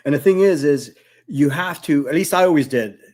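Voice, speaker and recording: A man who was a police officer, a guest in a casual live-stream chat, talking in a relaxed way with short agreeing replies. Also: a little high, moderate pace.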